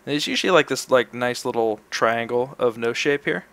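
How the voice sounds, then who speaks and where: A man's voice: mid-range voice, fairly quick, dry recording. A man in his thirties talking casually as he teaches an anatomy sculpting demo, explaining step by step as he works. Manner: relaxed, explains while demonstrating. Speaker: art instructor.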